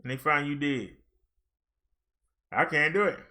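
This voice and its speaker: Bright, chatty male minister. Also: on the high side, measured pace. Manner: chatty, jokey, excited when reading numbers. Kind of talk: casual livestream chat.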